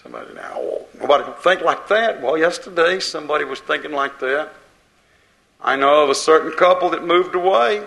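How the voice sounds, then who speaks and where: A male pastor delivers a fervent sermon in a bright, slightly raised voice. He surges in volume and then sinks low, pressing each point on his listeners. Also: vocal fry, rough recording. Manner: impassioned preaching, rising and falling in loudness.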